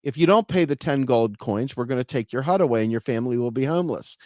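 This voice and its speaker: A man voicing a scheming medieval king who talks in a slow, coaxing, mock-gracious way. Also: mid-range voice, lively intonation, darkish tone, dry recording, studio quality, pitched below the performer's own voice, close to an everyday voice.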